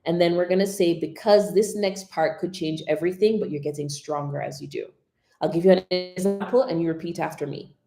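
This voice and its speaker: A woman coaching public speaking on a live stream, expressive, modelling whispers and dramatic pauses. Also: on the low side, echoey room, faint music behind.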